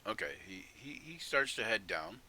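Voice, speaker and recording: A male game master narrates a live tabletop session in a low voice with a bright, forceful edge. His pitch moves lively, and his delivery is relaxed and stumbling, full of restarts. He often repeats himself as he goes. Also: normal speed.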